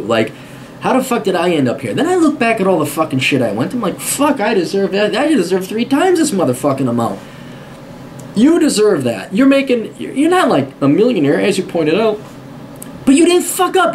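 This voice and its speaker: A man's voice: high voice, slight background noise. Blunt, foul-mouthed man ranting. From United States. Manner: blunt, heavy swearing, emphatic repetition. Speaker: host answering a viewer question. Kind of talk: profane advice rant to camera.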